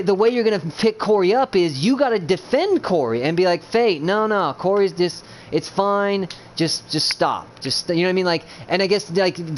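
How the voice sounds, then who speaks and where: Blunt, rambling man with a slightly high voice. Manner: rambling, blunt and profane, many restarts; earnest, keeps checking he is understood. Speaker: gamer coaching teammates. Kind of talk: casual voice chat.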